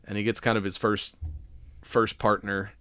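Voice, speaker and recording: A man's voice: on the low side, little pitch movement, moderate pace, pushed and bright, clear, resonant tone, dry recording. Laughing man, dry close sound. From Southern United States. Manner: loose and rambling, swears a lot, laughs often. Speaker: podcast host. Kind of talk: casual chat.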